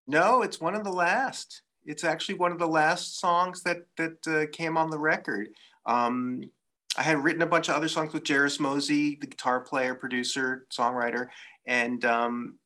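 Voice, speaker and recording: A man, a musician guest, chatting in an interview and telling stories in a relaxed, reflective way with frequent fillers. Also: medium pitch. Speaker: saxophonist guest. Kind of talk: casual interview chat.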